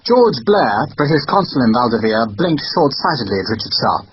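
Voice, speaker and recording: A man narrating an audiobook in an expressive storytelling manner. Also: medium pitch, moderate pace, slight background noise. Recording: dull lo-fi recording.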